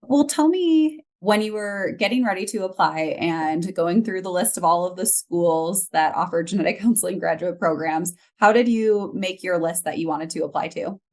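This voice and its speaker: A woman's voice: lowish voice, moderate pace, few pauses, a little mellow. A woman, a genetic counselor, hosting an interview and asking thoughtful, encouraging questions.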